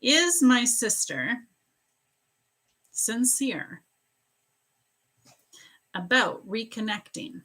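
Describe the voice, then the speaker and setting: A woman psychic medium answering viewer questions in a live stream, chatty and animated, laughing often. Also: a little high, drawn-out words, long pauses, rough recording. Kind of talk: live-stream reading, casual chat.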